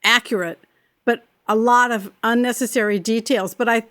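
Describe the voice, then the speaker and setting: A woman co-hosting a podcast, calmly explaining her view of a book and laughing along. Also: fairly high pitch, normal speed. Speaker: podcast co-host. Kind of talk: casual book discussion.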